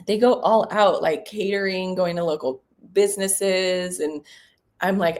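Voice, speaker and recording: Woman vlogger, deep for a woman, relaxed and chatty, lots of ums. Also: a little slow. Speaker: real estate broker. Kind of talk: casual vlog while cold calling.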